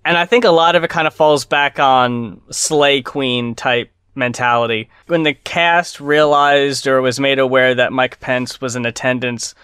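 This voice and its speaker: Clear, dry-voiced man giving opinions. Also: mid-range voice, steady tone, a bit bright, no room sound. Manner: measured, opinionated, dry delivery. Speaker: podcast host. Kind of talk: casual chat.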